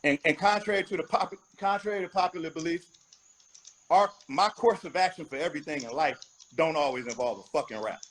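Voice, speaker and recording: A man's voice: fairly high pitch, fairly quick, a bit bright, a little hiss or hum, poor audio. A man giving an interview as a rapper, talking bluntly and emphatically, with frequent profanity. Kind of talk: candid interview talk.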